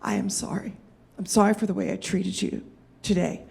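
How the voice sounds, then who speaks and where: A woman's voice: medium pitch, steady tone, brisk, gravelly, darkish tone. A woman voicing a stern, short-tempered male bakery boss in his late fifties, with a faded British accent in her telling. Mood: hushed apologetic.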